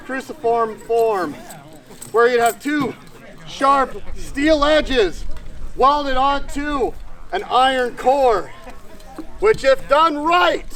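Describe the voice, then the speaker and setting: High-voiced man lecturing slowly outdoors. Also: a bit bright. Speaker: combat demonstration presenter. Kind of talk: explaining weapons to an audience. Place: outdoors at a reenactment event.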